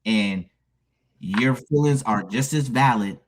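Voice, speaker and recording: A man in his thirties speaking as a panelist, sincere and halting with frequent restarts, about being a stepparent. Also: mid-range voice, slight background noise. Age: 30s. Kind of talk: candid panel discussion.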